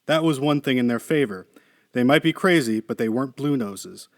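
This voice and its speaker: A man reading a short story aloud in a measured, steady narration. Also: medium pitch, no room sound, studio quality. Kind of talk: scripted narration.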